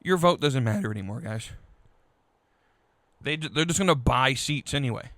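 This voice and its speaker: A man hosting a podcast, venting in a frustrated, halting political rant full of restarts. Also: mid-range voice, animated, a bit bright, no echo. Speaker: podcast host.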